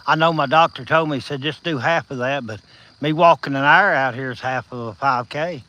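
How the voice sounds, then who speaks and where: A man's voice: mid-range voice, a little fast, sharp tone, muffled recording. Folksy Southern man talking while walking. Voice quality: slightly slurred from missing top teeth. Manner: folksy, encouraging, talks to viewers by name. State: a little out of breath from walking. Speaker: livestream host. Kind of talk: casual live-stream chat while walking. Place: outdoors at night, insects behind.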